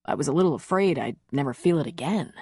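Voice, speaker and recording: A woman reading the part of a gentle, confident man in an audiobook romance, speaking in a low, reassuring murmur. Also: animated, fast, husky, dry recording, studio quality, full character voice. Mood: tender. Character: tender confident adult man, a lover.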